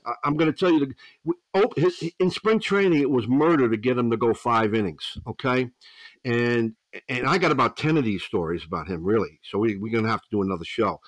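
A man, a veteran pitching coach, telling rambling stories as a podcast guest, with frequent restarts and 'you know's. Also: brisk, dry recording, low-quality recording. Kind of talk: storytelling podcast interview.

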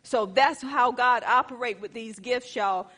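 A woman preacher with a high, bright voice, telling her testimony in an emphatic, animated way. She speaks straight to her congregation. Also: a little slow. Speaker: pastor. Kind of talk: sermon testimony.

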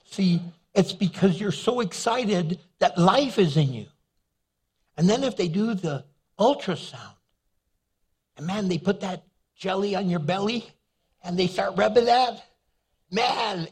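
A man's voice: sits high, a little slow, husky. A man preaching a humorous sermon as pastor, telling stories, acting out little scenes and laughing at his own jokes. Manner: animated storytelling, acts out little scenes and voices.

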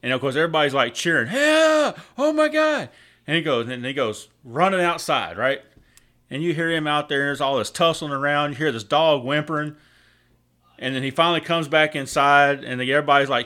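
A man's voice: on the high side, fairly quick, bright, forceful tone. A married man, co-hosting a casual podcast and telling crude jokes in a drawling storyteller way. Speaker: podcast co-host. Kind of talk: casual joke-telling chat.

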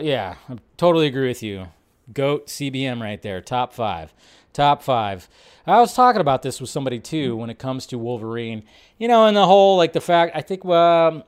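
A man hosting a live stream, chatting casually and rambling as he reacts to tweets and trailers. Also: medium pitch. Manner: rambling, restarts sentences, reacts aloud. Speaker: host.

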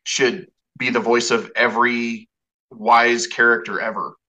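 A man's voice: medium pitch, little pitch movement, a little slow, bright, forceful tone, rough recording. A man hosting a podcast in a rambling casual way, swearing now and then. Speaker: podcast host. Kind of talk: casual interview chat.

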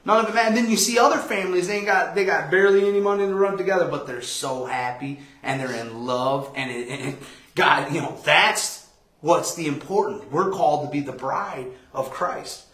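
A man leads a Bible study in a casual, conversational sermon, acting out the people in his stories as he goes. His voice sits somewhat high for a man. The room is echoey, with sound bouncing back off its walls. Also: brisk. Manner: conversational, animated storytelling with quoted voices. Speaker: pastor.

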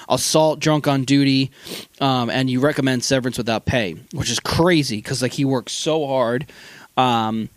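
A man co-hosting a casual film review, retelling scenes with lots of fillers and quick acted-out quotes. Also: medium pitch, no echo. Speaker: podcast co-host.

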